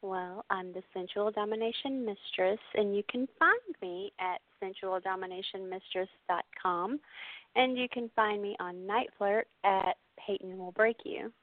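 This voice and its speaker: A woman's voice: medium pitch, a little slow, no echo. A chatty Southern woman who laughs easily, a contestant on a radio game show. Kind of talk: casual radio chat. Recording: tinny phone line, dry.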